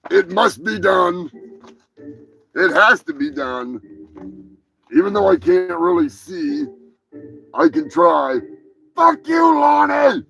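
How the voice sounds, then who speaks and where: A man's voice: fairly high pitch, huge pitch swings, takes it slowly, creaky, long pauses, a bit bright. A man hosting a comedic live show, rambling and swearing freely. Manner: profane, rambling. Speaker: host.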